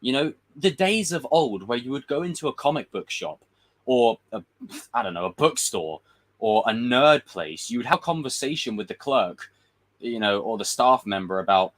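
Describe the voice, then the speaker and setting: A man's voice: mid-range voice, expressive, a bit bright. A man hosting a livestream, giving blunt, profane film opinions in casual, rambling talk. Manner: rambling with quick voiced impressions. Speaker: livestream host.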